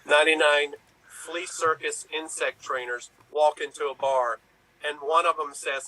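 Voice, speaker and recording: A man playing an improv pun game, telling quick joke setups with quoted lines. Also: a little high, steady tone, bright, forceful tone, low-quality recording. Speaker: improv player.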